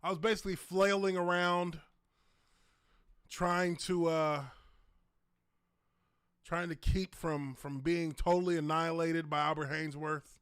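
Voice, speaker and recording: A fairly high-voiced man in his thirties, talking into a close, dry desk mic at home. He hosts a casual livestream Q&A and tells his stories in an animated way, with bursts of laughter, loud exclamations and some swearing. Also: a little slow, pauses often, clean tone, no room sound. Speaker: livestream host, former NFL lineman.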